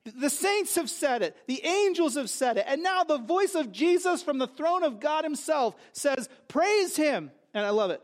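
A man delivers a sermon in an unusually high voice. He builds to emphatic repeated phrases and then drops into conversational asides to his listeners. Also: normal speed, hardly any pauses. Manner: preaching with rising, emphatic repetitions; lively, conversational asides to the congregation. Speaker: pastor.

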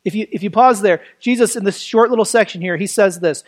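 A preacher giving a sermon that explains a Bible passage in a conversational way, asking rhetorical questions and swinging between emphatic lines and quiet, dropped phrases. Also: medium pitch, brisk.

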